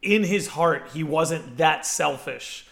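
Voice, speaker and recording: A man's voice: on the high side, slow pace, vocal fry, fairly bright tone. A man co-hosting a podcast, chatting casually and thoughtfully about a game's characters. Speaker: podcast co-host. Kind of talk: casual chat.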